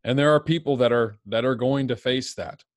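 Soft-spoken, sincere man. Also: mid-range voice, fairly quick, no room sound. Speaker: podcast guest. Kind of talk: Bible study conversation.

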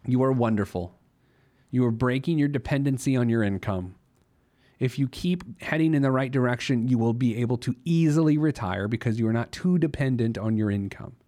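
Here a man's mid-range, mellow voice moves a little fast as he hosts a money-advice podcast. His monologue is casual and jokey, and he keeps laughing at his own silliness.

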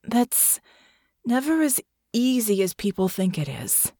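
A woman reading a story aloud, voicing a young woman soldier who hides a secret, sharp and commanding yet tired. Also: mid-range voice, lively intonation, moderate pace, slightly rough, no room sound, studio quality. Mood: weary.

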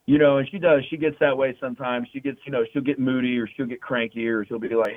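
A man's voice: medium pitch, fairly even intonation, quick pace, few pauses. A young man telling rambling, profane stories in a casual chat. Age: young adult. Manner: rambling, profane, loose and joking. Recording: tinny phone-like sound.

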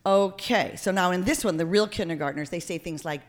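A woman hosting a comedy podcast, animated and jokey in her banter. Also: on the low side, brisk. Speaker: host.

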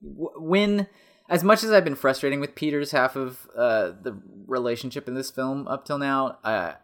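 A man's voice: mid-range voice, normal speed, fairly bright tone. A man co-hosting a casual movie commentary podcast, rambling and laughing often as he talks. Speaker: podcast co-host.

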